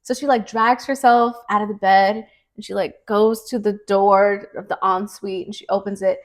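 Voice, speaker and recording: A woman's voice: medium pitch, moderate pace. Chatty woman recapping a book. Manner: chatty, animated storyteller, many "like" fillers. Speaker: podcast co-host. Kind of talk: casual book recap chat.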